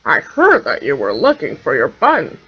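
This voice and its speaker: A woman doing a calm, low-voiced raccoon. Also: moderate pace, breathy edge, muffled recording, exaggerated voice. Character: helpful male raccoon, calm.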